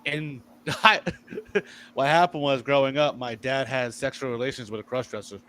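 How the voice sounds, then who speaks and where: A man's voice: mid-range voice, fairly even intonation, moderate pace, bright, forceful tone. A man hosting a casual chat, telling crude family stories with a laugh.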